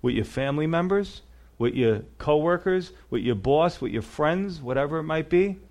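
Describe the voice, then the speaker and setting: A man's voice: fairly high pitch, lively intonation, normal speed, a little mellow. A man preaching a sermon, earnest and emphatic, often adding "you know" and "you see". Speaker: pastor.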